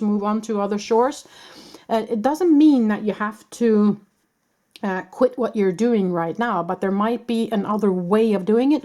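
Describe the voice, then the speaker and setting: A woman reads tarot cards for her viewers in a soft, mellow voice at a middle pitch. She speaks in a reassuring, meandering way and often stops to gather her thoughts. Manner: reassuring, meandering, with many pauses. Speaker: tarot reader.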